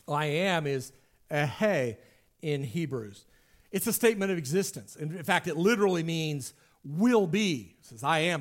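A man with a notably high voice teaches scripture in a relaxed, conversational way. He explains ideas step by step, often restarting his sentences as he works through them. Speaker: Bible teacher. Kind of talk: Bible study teaching.

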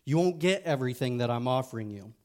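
A man's voice: mid-range voice, lively intonation, fast talker, darkish tone, natural voice. A man voicing a menacing male devil who tempts a man in a sermon story. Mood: tempting.

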